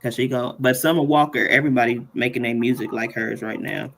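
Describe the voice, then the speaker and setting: A man with a gravelly, creaky edge to his mid-range voice runs a relaxed live class. He jokes and laughs easily while talking his viewers through each step. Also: medium pitch, fairly quick. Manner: playful, laughs often, chatty asides. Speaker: workshop host. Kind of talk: casual live tutorial.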